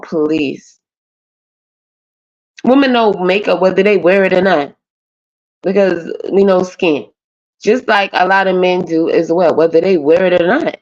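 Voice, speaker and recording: A woman's voice: on the low side, a little mellow. A woman, ranting bluntly and profanely as a panelist on a live stream. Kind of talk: casual rant on a live panel. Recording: dull lo-fi stream audio.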